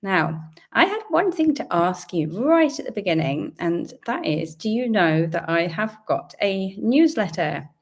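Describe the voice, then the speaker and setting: A British woman from the UK, a little croaky from a sore throat, hosting a chatty, upbeat live-stream Q&A from home and greeting her viewers. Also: medium pitch, big pitch swings, unhurried. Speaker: host. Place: home indoors.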